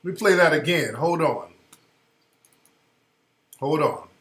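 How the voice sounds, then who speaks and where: Emphatic high-voiced man host, roomy echo. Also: animated, slow pace. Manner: emphatic, slangy, rising loud when worked up. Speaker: radio show host. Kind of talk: opinionated commentary over a video clip. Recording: roomy echoey sound.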